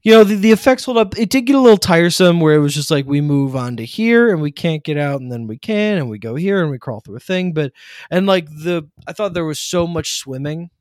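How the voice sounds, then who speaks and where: A man's voice: on the high side, lively intonation, brisk, a little mellow, no room sound, clean studio sound. A man talking casually about a movie as a podcast co-host, enthusiastic and rambling, with lots of fillers.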